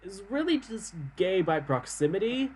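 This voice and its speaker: A young man chatting casually on a stream and reading a dating game's text aloud, animated and quick to laugh. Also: sits high. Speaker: streamer playing a dating game.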